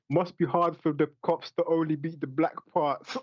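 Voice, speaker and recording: Guy on a comedy pod reading comments, slangy, keeps cracking up, slow talker, dry close sound. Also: a little high, fairly even intonation, no echo, highs cut off. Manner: laughing hard, slangy, repeats himself. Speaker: podcast co-host. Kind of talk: casual chat reading comments aloud.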